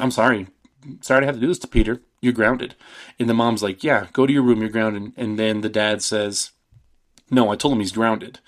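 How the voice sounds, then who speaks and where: A man hosting a podcast, casually retelling a horror film in a loose, rambling way full of "like" and "um". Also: on the low side. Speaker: podcast host. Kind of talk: casual movie recap.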